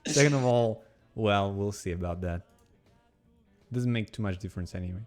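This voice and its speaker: A man with a Russian accent, speaking English as his second language, co-hosts a casual chat. His voice sits on the low side, and he wanders through his points with halting restarts. Faint music plays in the background. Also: darkish tone. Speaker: podcast co-host.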